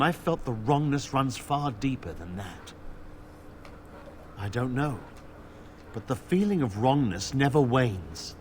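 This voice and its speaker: A grave, blind old knight. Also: male voice, medium pitch, a little hiss or hum. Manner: formal, grave, archaic phrasing. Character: blind, battle-scarred older male knight, solemn and devout. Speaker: game character.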